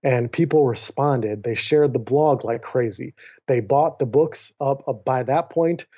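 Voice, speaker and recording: Speaking a little slowly in a husky, mid-range voice, a podcast guest tells a personal story earnestly over a remote call mic. His retelling is animated, with the dialogue acted out.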